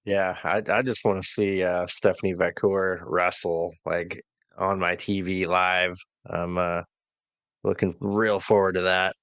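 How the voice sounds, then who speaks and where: A man's voice: deep voice, little pitch movement, measured pace, fairly bright tone, dry recording. A man co-hosting a casual wrestling review podcast, talking in a laid-back way with many fillers as he reads from his notes. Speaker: podcast co-host.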